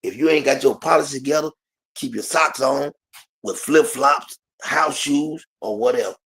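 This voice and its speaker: A man's voice: mid-range voice, moderate pace, vocal fry, a bit bright, husky. A man in casual conversation who talks in an emphatic drawl and repeats his points. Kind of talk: casual chat.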